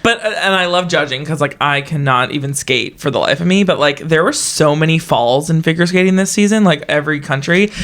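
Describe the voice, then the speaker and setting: A young woman co-hosting a podcast in casual chat, excitable and rambling with restarts. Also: sits low, fairly quick, few pauses. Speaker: podcast co-host.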